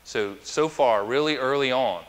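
A male pastor with a medium-pitched, unhurried voice gives a chatty, anecdotal sermon in a church sanctuary, asking the congregation questions. The recording carries a long church reverb.

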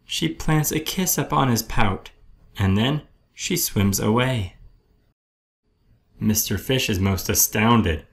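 Slow gravelly guy reading a rhyming kids book aloud. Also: fairly low pitch. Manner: rhythmic rhyming storytelling. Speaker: storybook reader. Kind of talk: children's read-aloud.

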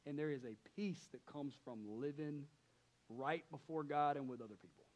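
A man's voice: a little high, moderate pace. A man preaching a sermon as pastor, conversational, often asking the congregation questions and acting out his own thoughts, sometimes dropping to a near whisper.

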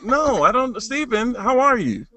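A man teasing friends in a casual group video chat, animated and talking over the others. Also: very high-pitched, unhurried, heavy background noise. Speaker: hangout participant.

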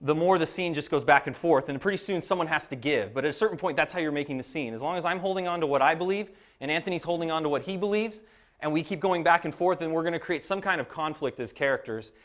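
Rambling young man, slightly high voice. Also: fast talker, fairly bright tone. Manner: loose and rambling, frequent ums. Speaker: creative professional. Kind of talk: casual explanatory talk.

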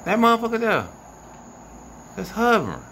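A man narrates from outdoors at night, filming on his phone and talking straight to his viewers. His pitch leaps up and down as he exclaims, swears and questions. Loud crickets, insects and passing cars fill the background. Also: normal speed. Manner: animated, profane, incredulous, talks to viewers. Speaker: vlogger filming the night sky. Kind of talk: excited live commentary. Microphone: phone camera. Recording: noisy outdoor phone recording. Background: crickets and insects, passing vehicles.

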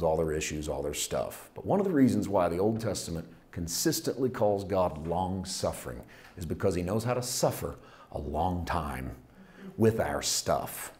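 A man preaching a sermon, swinging from hushed asides to loud, intense scripture readings, with folksy humor. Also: deep voice. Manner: reads scripture aloud with rising intensity. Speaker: pastor.

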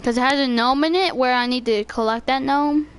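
A woman streaming a live game, chatting with teammates in casual slang and shouting urgent commands when excited. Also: sits high, brisk, smooth. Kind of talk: live gameplay chat with teammates.

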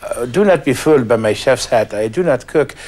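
A man voicing a low, hammy lonely-hearts caller in a comic sketch. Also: lively intonation, a little fast, heavy background noise, close to an everyday voice. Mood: smug. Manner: low, hammy dating-ad self-introductions. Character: man with a put-on French accent, dating-ad caller.

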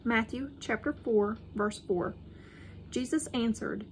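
A woman's voice: on the high side, steady tone, unhurried, slight background noise, rough recording. A woman hosting a morning devotional, reading scripture and speaking about faith in an earnest, heartfelt way from home. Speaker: devotional host.

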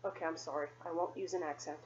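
A doll-collecting vlogger, sweaty after cleaning, does a casual show-and-tell from her home condo, chatty, rambling and self-deprecating. Her voice sits low and steady, she talks fast, and it sounds a little mellow, with the highs cut off.

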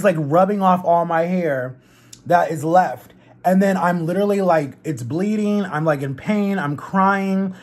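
A young man telling a personal story casually to camera while eating, animated and chatty. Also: high-pitched, slightly rough. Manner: chatty, animated retelling with quoted voices. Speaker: vlogger.

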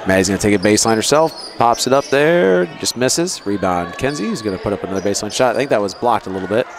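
A man gives relaxed, chatty play-by-play commentary for a local basketball game, with asides. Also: fairly low pitch. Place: school gym. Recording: noisy gym ambience. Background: crowd and bouncing balls.

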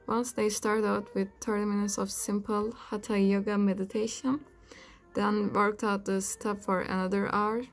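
A woman narrating a satirical fairy-tale audiobook in a wry, deadpan reading. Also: medium pitch. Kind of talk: comic storybook narration.

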